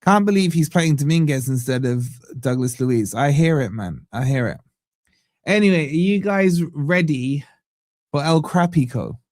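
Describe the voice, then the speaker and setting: Bantering fan-stream host, dry sound. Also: male voice, fairly high pitch, lively intonation, normal speed, no room sound. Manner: banter-heavy, gives shout-outs to viewers. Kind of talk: live football watch-along stream.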